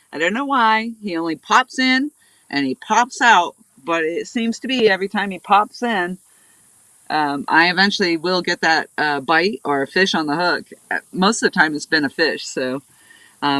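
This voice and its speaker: A woman's voice: lowish voice, sharp tone, dry recording, rough recording. A woman hosting a fishing livestream, chatting in a rambling, casual way and sounding stuffy and nasal from blocked sinuses. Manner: rambling, chatty, laughs often. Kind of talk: casual live-stream chat. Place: outdoors by a river.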